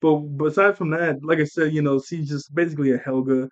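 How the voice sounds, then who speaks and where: A young man rambles through a casual recap of a childhood movie. He laughs often and jumps into the characters' lines. His voice sits a little high, and the recording sounds dull and lo-fi. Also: fairly even intonation, fairly quick. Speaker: movie reviewer.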